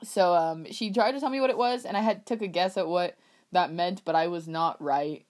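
Joking young woman, low voice. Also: moderate pace, a little mellow. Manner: joking, sarcastic, swears casually. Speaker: podcast co-host. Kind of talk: casual chat.

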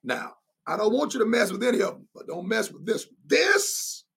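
High, gravelly, emphatic preaching man. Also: lively intonation, fast. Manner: emphatic and repetitive, with bursts of laughter. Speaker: preacher and Bible teacher. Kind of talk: sermon-style teaching.

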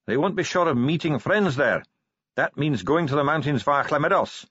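A man's voice: on the high side, lively intonation, moderate pace, fairly bright tone, dry recording, lo-fi sound, pitched above the performer's own voice. A man putting on a cheerful, shrewd dwarf. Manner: cheerful and smoothly diplomatic.

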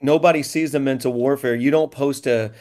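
A man's voice: medium pitch, steady tone, brisk, darkish tone. A middle-aged man who is a pastor, talking reflectively in a podcast with joking asides. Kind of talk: candid podcast conversation.

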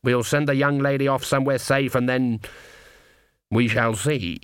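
A man's voice: mid-range voice, fairly even intonation, moderate pace, clean tone, no echo, lightly acted. Man doing a curt bossy old witch, no nonsense, dry close mic. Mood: stern. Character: stern, commanding elderly witch.

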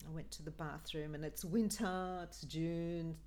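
A middle-aged woman tells a personal story in an earnest, lower-pitched voice. She slips into the voices of the people she quotes as she goes. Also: steady tone, unhurried, a little mellow. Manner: earnest, acts out quoted speech. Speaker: guest, mother of a host. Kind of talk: personal storytelling in a podcast chat.

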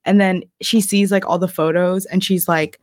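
A woman's voice: on the low side, steady tone, normal speed, darkish tone, no room sound, studio quality. A young woman in casual podcast chat, retelling a story in a rambling way, saying "like" constantly and swearing often. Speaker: podcast co-host.

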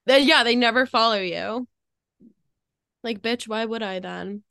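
A young woman co-hosting a podcast, talking in casual chat full of "like" fillers and quick laughs. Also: on the high side, gravelly, pushed and bright, no room sound, studio quality. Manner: chatty, frequent "like" fillers, laughs often. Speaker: podcast co-host.

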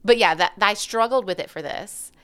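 A woman's voice: mid-range voice, normal speed, pushed and bright, clear, resonant tone. A woman with an Alabama Southern accent co-hosting a book podcast, chatting casually and enthusiastically. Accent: Southern American, Alabama. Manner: enthusiastic, laughs often. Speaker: podcast co-host. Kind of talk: casual chat.

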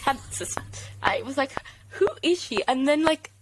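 A young woman hosting a casual podcast chat, telling stories excitedly and rambling with lots of "like". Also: high voice, normal speed, noisy background. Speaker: podcast host.

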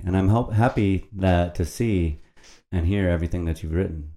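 A man's voice: sits low, normal speed, creaky, mellow. A man hosting a casual podcast into a microphone at a computer, reading a poem and rambling in a playful, profane way. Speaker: podcast host.

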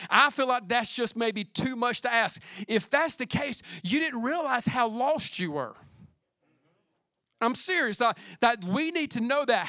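A man's voice: high voice, sharp tone, dry recording, clean studio sound. A young man preaching a casual, slangy sermon, talking to his congregation in a conversational, emphatic way and often repeating himself for stress.

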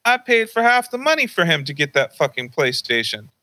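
A man doing his fuming mother, voice pitched way up. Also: very animated, brisk, pushed and bright, no echo. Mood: furious. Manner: raised, indignant, profane. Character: angry mother yelling at her husband.

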